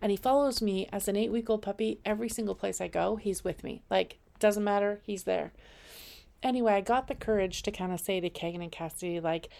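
A woman in her fifties with a gravelly, fry-touched voice at a middle pitch. She talks to camera as the host of a weekly inspirational series, rambling casually and leaning on fillers as she goes. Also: a little fast, darkish tone. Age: 50s. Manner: rambling, chatty, heavy on fillers like "like". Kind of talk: casual personal monologue.

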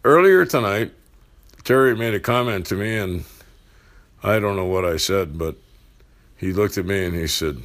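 A man hosting a casual chat, talking in a halting way with lots of fillers and restarts. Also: lowish voice, lively intonation, a bit bright. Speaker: host.

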